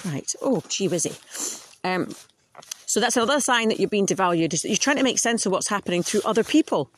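A woman's voice: mid-range voice, expressive, brisk. Blunt woman podcasting solo. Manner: blunt, frank, swears freely. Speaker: podcast host. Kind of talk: casual monologue.

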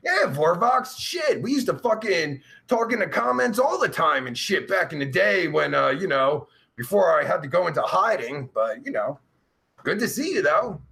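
A man's voice: sits high, big pitch swings, normal speed, creaky, pushed and bright. A man hosting his live show alone at home, reading the chat and ranting in a profane, rambling, laughing way. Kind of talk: casual live-stream chat.

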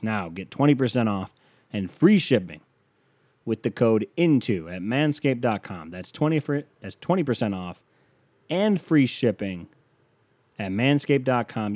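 A man's voice: mid-range voice, a little slow, dry recording. Dry sarcastic male podcast host. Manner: sarcastic, deadpan, swears casually. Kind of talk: casual podcast chat with ad read.

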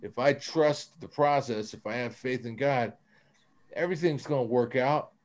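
A man's voice: medium pitch, normal speed. A man telling his own recovery story on a podcast, earnest and casual, often dropping "man".

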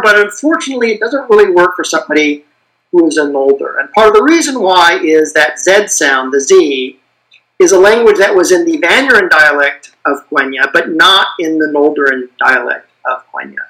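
A guest expert on invented languages chats on a podcast, giving patient, detailed explanations sprinkled with fillers. His bright, slightly high voice is animated and moves at a normal pace, though the audio quality is poor.

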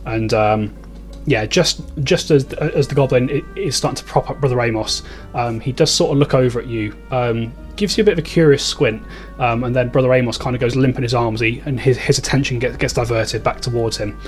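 Male game master, mid pitch, rambling scene descriptions. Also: brisk, soft background music. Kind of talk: narrating a tabletop game.

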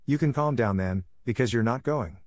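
A man's voice: mid-range voice, lively intonation, normal speed, a little mellow, no room sound, studio quality, natural voice. A man voicing a stern older spinster who answers curtly and sarcastically. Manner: curt, sarcastic and scolding.

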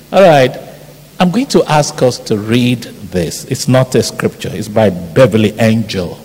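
Middle-aged male Nigerian-accented preacher, animated storyteller, in a big echoing hall. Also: mid-range voice. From Ibadan, Nigeria. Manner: animated, storytelling with mimicked shouts and laughter. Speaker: pastor. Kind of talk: sermon. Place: large church hall. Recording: hall reverb, faint background noise.

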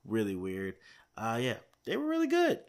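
A man's voice: mid-range voice, huge pitch swings, moderate pace, vocal fry. A man chatting casually to his viewers, rambling and thinking aloud with many fillers and restarts, a little tired. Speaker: movie news vlogger. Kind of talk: casual chat to camera.

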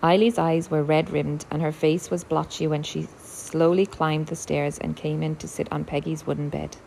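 A woman reading a story aloud in a calm, measured narrating voice. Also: low-pitched, vocal fry, slight background noise, rough recording. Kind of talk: audiobook narration.

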